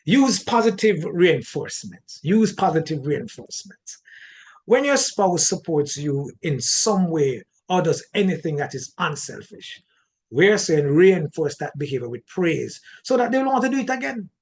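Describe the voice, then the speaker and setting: A man with a Jamaican accent giving an animated teaching talk on marriage, often repeating words and restarting his sentences. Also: fairly high pitch, normal speed. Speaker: relationship teacher.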